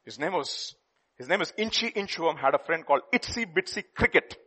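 A husky male preacher with a fairly high voice that rises and falls widely. He tells a story in a playful, lively way and laughs easily. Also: moderate pace. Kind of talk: sermon with storytelling.

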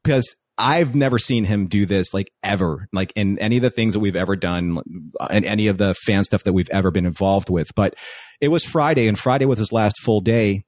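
A man telling a story as a podcast guest in casual chat, animated, acting out quoted lines. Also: fairly low pitch, brisk, dry recording. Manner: animated, excitable anecdote-telling with acted-out quotes.

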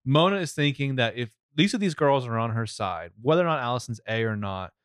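Male co-host, jokey and animated, very expressive voice, dry close sound. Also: medium pitch, fairly quick, clean tone, no room sound. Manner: jokey, animated, with playful asides. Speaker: podcast co-host. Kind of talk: casual chat.

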